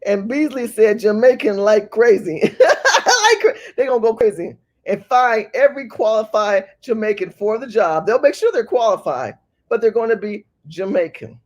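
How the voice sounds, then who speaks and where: Woman livestream host, animated, very lively pitch, quizzes the chat. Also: moderate pace. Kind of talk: live-stream talk reading the chat.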